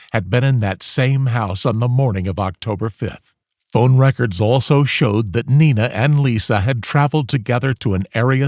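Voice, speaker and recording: A man giving scripted, measured documentary narration. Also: mid-range voice, no echo, clean studio sound.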